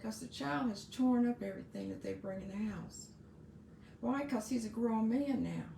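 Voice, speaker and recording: A chatty, earnest middle-aged woman talks straight to parents in her own podcast. Her voice sits a bit high and carries a gravelly fry. The room around her rings with echo, and a faint noise lies underneath. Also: normal speed, mellow. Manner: chatty, earnest, restarts and asides. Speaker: podcast host. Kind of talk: casual advice monologue.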